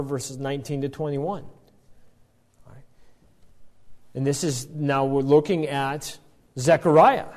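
A man's voice: a little high, darkish tone. A man teaching from the Bible, reading passages aloud and explaining them as he goes, with frequent restarts.

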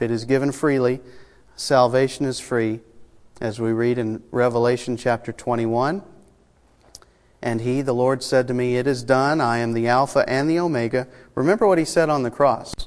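A man preaching a sermon as pastor, measured and deliberate, with pauses and fillers, slowing down to stress key words. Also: mid-range voice. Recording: hall with long reverb.

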